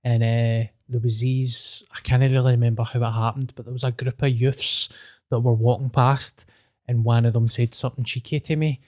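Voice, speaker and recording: A Scottish man with a mellow, warm tone speaks as a guest on a podcast. He is earnest and sweary, talking plainly in casual chat, and his voice sounds close and dry. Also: medium pitch, flat delivery, normal speed, dry recording.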